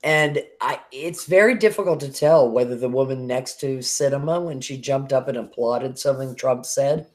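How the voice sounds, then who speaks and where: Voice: mid-range voice, moderate pace, few pauses. Dry, matter-of-fact co-host. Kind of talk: casual chat on a live stream.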